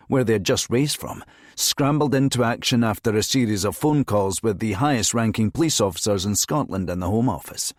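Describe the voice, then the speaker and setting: A man narrating a crime thriller audiobook in a measured, steady reading voice. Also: fairly low pitch, dry recording, studio quality. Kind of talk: scripted narration.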